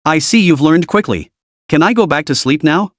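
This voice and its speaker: A man's voice: fairly high pitch, expressive, moderate pace, lightly acted. A man voicing a bossy but shy young woman in a recap of a comic story, giving curt, flustered retorts.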